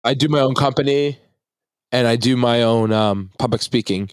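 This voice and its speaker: A young man from the Philadelphia area, a guest public speaker, telling an excited story and acting out the lines he quotes. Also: moderate pace, clean tone, no echo, clean studio sound. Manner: animated, acts out quotes with big jumps in pitch.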